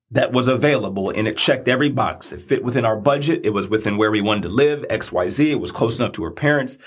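A man's voice: fairly low pitch, husky. A man hosting a podcast, telling a personal story in an earnest, preacher-like way and repeating phrases for emphasis. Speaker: podcast host.

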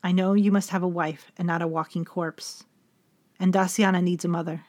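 A woman narrating a first-person gothic story in a measured, solemn, intimate voice, like reading a letter aloud. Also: on the low side, flat delivery, darkish tone.

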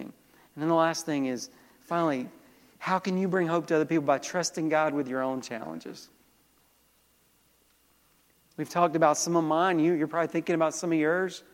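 A man's voice: fairly high pitch, in a large hall. A male pastor preaching a sermon with emphatic delivery, calling out to the congregation for responses.

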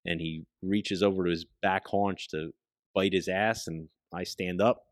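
A man, a guest on a talk show, telling a hunting story in a casual, profane, animated way and often dropping his voice to a hush. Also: low-pitched, unhurried, no echo. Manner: profane, animated storyteller who drops into hushed tones.

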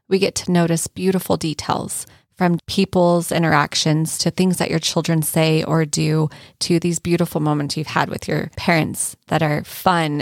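A woman with a low, gravelly voice speaks earnestly and reflectively on a faith podcast. The recording is close and dry. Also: dry recording. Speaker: podcast co-host. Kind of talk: casual faith podcast chat.

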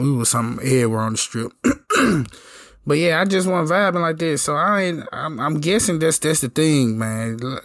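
A hoarse man telling a story in a casual, slangy, laid-back way. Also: mid-range voice, no room sound. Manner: laid-back slangy talk, lots of "you know what I'm saying". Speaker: podcast host telling a story.

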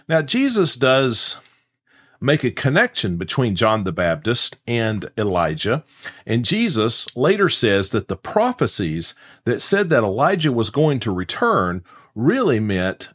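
A man giving a daily devotional Bible teaching, reading scripture aloud and then explaining it verse by verse, with occasional "uh" fillers. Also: mid-range voice.

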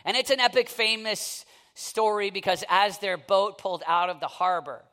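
A man preaching a sermon with impassioned delivery, swinging from near-shouting to hushed intensity and telling stories with acted-out asides. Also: sits high. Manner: storytelling with quick asides and acted-out quotes.

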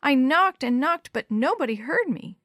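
A woman's voice: sits high, lively intonation, normal speed, a bit bright, no echo, clean studio sound, pitched above the performer's own voice. A woman reading a storybook aloud, voicing a timid, earnest little orphan girl in a small, pleading voice.

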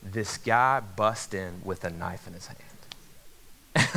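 A man preaching a sermon, telling a personal story with animated voices and sudden drops to a hush. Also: on the low side, takes it slowly. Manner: animated storyteller, acts out voices, jumps from hushed to loud. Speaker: pastor.

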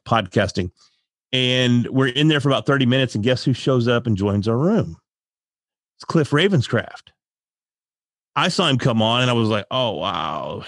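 A man's voice: mid-range voice, no room sound. Guy telling a story on a podcast, gets worked up and laughs a lot, dry sound. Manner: animated, emotional storytelling with laughs. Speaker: podcast guest. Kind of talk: casual storytelling chat.

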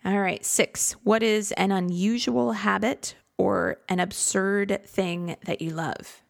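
Taking it slowly, a woman with a creaky mid-range voice and fairly even intonation chats through a casual solo podcast. She records in a converted-garage home studio and sounds reflective and self-deprecating.

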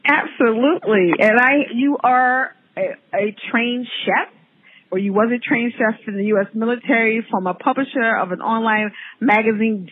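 Giggly New woman hosting over a phone line. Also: mid-range voice. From New York. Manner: bubbly, flirty, giggly and excitable. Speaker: podcast host. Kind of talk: casual podcast interview. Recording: tinny phone-line audio.

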